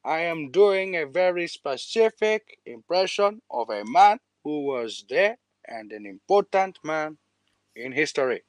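A man doing an impression of a dignified elderly statesman, speaking slowly and formally in a measured voice. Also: a little high, sing-song, no echo. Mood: solemn.

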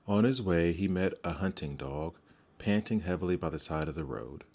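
Low-voiced guy reading bedtime fairy tales, gentle and expressive. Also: moderate pace. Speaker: narrator. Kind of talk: scripted storybook narration.

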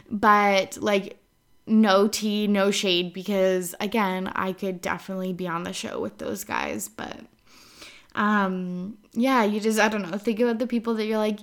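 A woman's voice: mid-range voice, a bit bright. A woman in her twenties from British Columbia, hosting a casual solo podcast in a chatty, rambling way with lots of "like". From British Columbia, Canada. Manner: chatty, rambling, heavy use of "like", frequent laughs. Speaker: podcast host.

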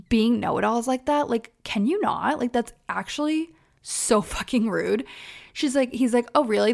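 A woman's voice: medium pitch, gravelly. A young woman hosting a podcast, recapping casually and chatting away, acting out other people's quotes in her own voice. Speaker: podcast host. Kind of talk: casual solo recap chat.

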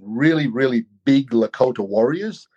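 Animated man telling a story. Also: medium pitch, normal speed, slightly rough, dull audio. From Australia. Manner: animated, acts out quoted voices, many "you know"s. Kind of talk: personal storytelling.

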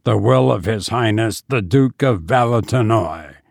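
A grim bearded soldier captain from a storybook, coolly menacing, speaking low and unhurried with a gravelly edge, as a man reading aloud puts him on. The sound is close and dry. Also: animated, a little mellow, no echo, heavily acted.

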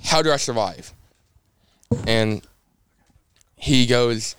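A man's voice: medium pitch, a little slow, pauses often, a little hiss or hum. A young man, a race car driver telling rambling racing stories in casual podcast chat. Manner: rambling, animated anecdotes with many fillers.

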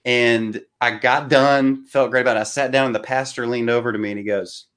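A man, a guest preacher on a podcast, telling embarrassing stories in a lively way with laughs. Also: mid-range voice, fairly quick, smooth. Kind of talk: casual storytelling.

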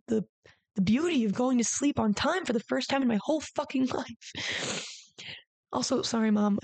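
A woman's voice: fairly high pitch, a little mellow, no room sound. A woman hosting a podcast, talking candidly in a rambling, confessional way, full of "like" and casual swearing. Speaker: podcast host. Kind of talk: candid personal monologue.

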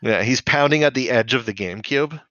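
A man's voice: mid-range voice, brisk, sharp tone, no room sound. A man co-hosting a casual podcast who recaps a cartoon episode in a chatty way. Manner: chatty, acts out characters' lines. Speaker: podcast co-host. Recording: dry, slightly dull mic sound.

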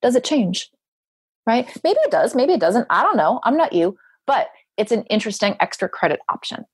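Husky, gravelly woman guest. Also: on the high side, big pitch swings, moderate pace, no echo, clean studio sound. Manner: wry, emphatic, teacherly asides. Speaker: podcast guest, grief writer. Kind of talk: casual conversation.

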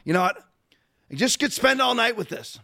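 A man hosting a podcast, giving fast, digressive political commentary full of rhetorical questions. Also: very high voice, big pitch swings, creaky, pushed and bright. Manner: rapid, digressive, rhetorical ranting. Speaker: podcast host.

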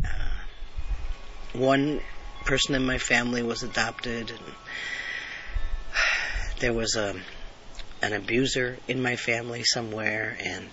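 A man's voice: medium pitch, fairly even intonation, slow, long pauses, highs cut off, noisy background. A man telling an earnest personal story, repeating phrases and sometimes dropping almost to a whisper.

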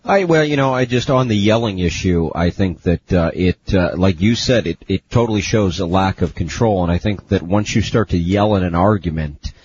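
A man's voice: low voice, normal speed, few pauses, darkish tone, lo-fi sound, a little hiss or hum. A man co-hosting a radio talk show, agreeing with the host in a hesitant way full of fillers. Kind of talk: casual radio chat.

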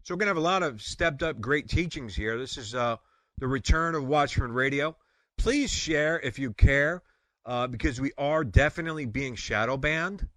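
A man's voice: medium pitch, moderate pace, no room sound. A man with a New York accent hosting a Christian online radio show, chatting and joking with guests. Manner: joking, rambling, loud sign-offs. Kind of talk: casual chat.

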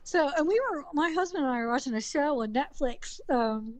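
A woman's voice: high-pitched, animated, a little fast, no room sound. A woman with a Southern US accent, a guest in a casual chat, rambling with restarts and laughing often. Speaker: podcast guest.

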